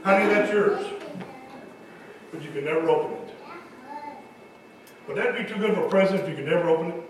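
A pastor with a high voice speaks a little fast, delivering a folksy sermon and chatting with congregation members between passages. He's recorded from far off in a large, echoey church hall with slight background noise.

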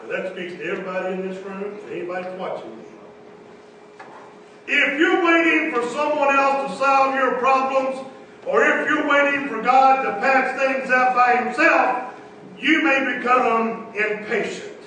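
A man's voice: very high voice, moderate pace, sharp tone, heavy reverb, far from the mic, slight background noise, poor audio. A man preaching a sermon in a folksy, emphatic way, often repeating his phrases, in a church meeting room.

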